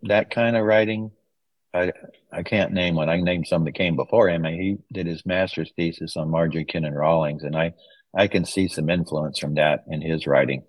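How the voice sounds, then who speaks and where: Deep-voiced man telling rambling anecdotes. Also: fairly even intonation, moderate pace, no echo, poor audio. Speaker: guest, author's son. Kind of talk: casual interview storytelling. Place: West Coast wine region home.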